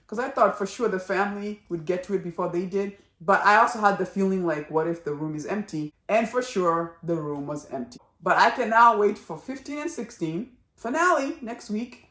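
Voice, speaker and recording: A woman giving a casual spoken review of a drama series, chatty and animated, acting out characters' lines as she goes. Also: medium pitch, moderate pace, few pauses, roomy sound.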